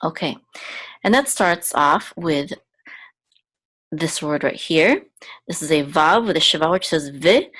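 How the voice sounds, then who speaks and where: A woman teaching a language lesson. She sounds words out slowly and repeats them, checking in with "okay?" as she goes. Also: low voice, animated, a bit bright. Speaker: Hebrew teacher and podcast host. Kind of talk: slow, patient language lesson.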